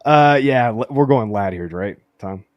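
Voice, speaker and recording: A man's voice: medium pitch, lively intonation, a little slow, no room sound, dull audio. A man hosting a casual sports podcast, reading out listener questions and answering them playfully. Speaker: podcast host. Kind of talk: casual live Q&A chat.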